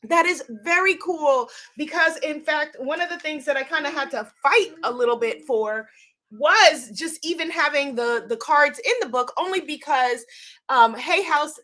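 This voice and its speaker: A woman with a high, bright voice hosts a casual livestream, chatting straight to her viewers. She talks in an excitable, gushing way. Her tone stays sharp and lively. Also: moderate pace. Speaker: livestream host unboxing a tarot deck.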